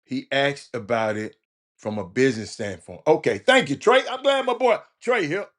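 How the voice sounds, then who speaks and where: This Houston, Texas livestream host speaks at medium pitch and a normal speed. Running a casual sports talk stream, he stays animated, laughs often, and talks right to his chat.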